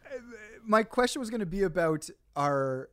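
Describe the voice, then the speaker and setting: A man's voice: high voice, big pitch swings, normal speed, no echo, clean studio sound. Inquisitive man co-hosting a podcast. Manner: curious, asks questions. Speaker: podcast co-host. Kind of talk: casual chat.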